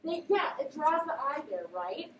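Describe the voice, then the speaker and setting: High-voiced teacher in an echoey classroom. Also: female voice, measured pace. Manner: animated, questioning students. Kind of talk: classroom read-aloud and discussion. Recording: echoey classroom, voice from a distance, faint background noise.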